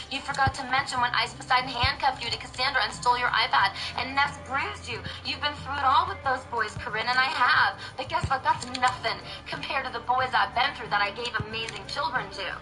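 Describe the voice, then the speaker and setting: A woman's voice: sits high, a little fast, hardly any pauses, over music, low-quality recording. A woman streamer talking straight to her viewers in a theatrical, rambling rant. She jumps from one thought to the next, with big dramatic swings in how she says things. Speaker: livestreamer.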